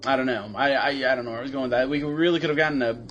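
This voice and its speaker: A man's voice: mid-range voice, very fast, fairly bright tone, lo-fi sound, soft background music. A man co-hosting a casual review podcast, rambling and hesitant, often slipping into playful quoted lines. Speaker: podcast co-host.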